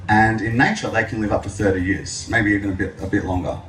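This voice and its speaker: A young man giving a public speech, telling his story with lively jokes. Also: fairly low pitch, fast, soft background music. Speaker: speaker at an event. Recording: echoey hall, mic from a distance.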